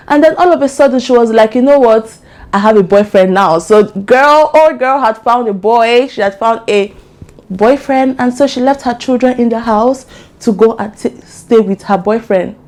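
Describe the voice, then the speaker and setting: A young woman with an African accent, casually telling a true crime story as a vlogger, chatty and animated with asides. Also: mid-range voice.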